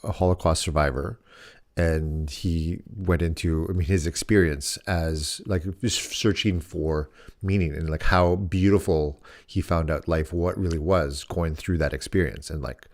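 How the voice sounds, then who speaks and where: Male podcast co-host, very low voice, casual, meandering storyteller. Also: steady tone, unhurried. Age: adult dad. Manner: rambling, many restarts and "like" fillers.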